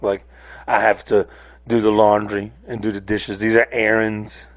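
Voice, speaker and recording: A man's voice: lowish voice, little pitch movement, slow, long pauses. A man, ranting casually to camera, rambling and cursing with many restarts. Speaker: host. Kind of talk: casual solo rant to camera. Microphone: camera on a device, close.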